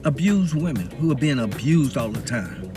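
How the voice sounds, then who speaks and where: A man from the Southern US gives a loose, preaching monologue, laughing often as he goes. His pitch swings widely and animatedly. Clear music plays underneath his voice. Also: big pitch swings, normal speed. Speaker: video blogger. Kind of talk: casual spoken monologue.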